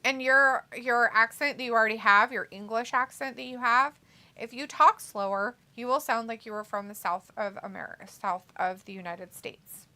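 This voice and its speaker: Bright, chatty woman co-hosting a live stream. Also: a little high, normal speed. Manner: reads chat messages aloud, jokey and chatty. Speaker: watch-along co-host. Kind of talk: casual live-stream chat.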